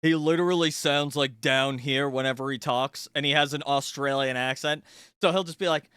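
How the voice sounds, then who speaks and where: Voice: medium pitch, fairly even intonation, moderate pace, fairly bright tone, smooth, no echo, clean studio sound. A streamer chatting casually and playfully during a live build, swearing freely and rambling to the audience. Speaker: livestreamer. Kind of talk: casual livestream chat while building.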